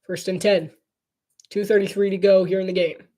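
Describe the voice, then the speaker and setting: A woman giving casual live commentary on a football game, chatty and playful and quick to laugh. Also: medium pitch, fairly even intonation, warm tone.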